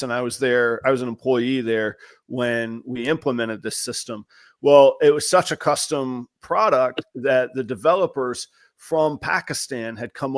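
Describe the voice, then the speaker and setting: A man hosting a podcast, telling candid, self-deprecating work stories and acting out the quotes in them. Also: medium pitch. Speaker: podcast host. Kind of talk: casual chat.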